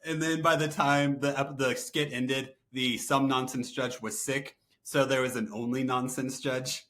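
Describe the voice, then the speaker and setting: A man's voice: mid-range voice, steady tone, a little slow, a bit bright, a little hiss or hum. A man hosting a podcast interview, chatty and jokey, riffing along with his guest. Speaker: podcast host.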